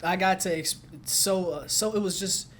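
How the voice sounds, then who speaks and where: An upbeat young man from Ohio chats on a podcast, his voice sitting a little high for a man and breaking easily into laughter. He often restarts his phrases as he tells stories. A faint low rumble hums underneath. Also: steady tone, normal speed, fairly bright tone. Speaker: podcast co-host. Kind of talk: casual chat.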